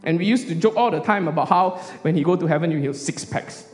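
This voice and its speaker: A man preaching an emotional sermon as a pastor, earnest and halting, often restarting his sentences. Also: high voice, darkish tone, in a large hall, soft background music. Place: hall.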